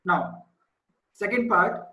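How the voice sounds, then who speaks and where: A man whose voice sits high, with big swings in pitch, takes things slowly in a muffled, echoey recording. He's a teacher giving an online maths class by video call, explaining patiently and repeating the key figures.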